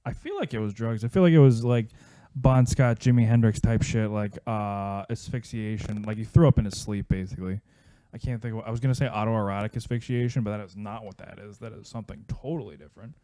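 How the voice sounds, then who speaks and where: Man, podcast guest, casual rambling talk, swears freely, deep-ish, very mellow tone. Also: quick pace, no room sound. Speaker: podcast guest, guitar player. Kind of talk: casual chat.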